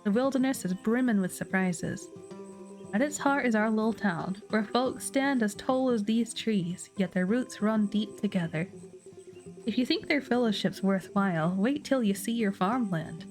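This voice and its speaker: A woman's voice: mid-range voice, normal speed, darkish tone, faint music behind, natural voice. A woman reading aloud the lines of a friendly frontier wagon guide from a game, in her own plain voice without an accent.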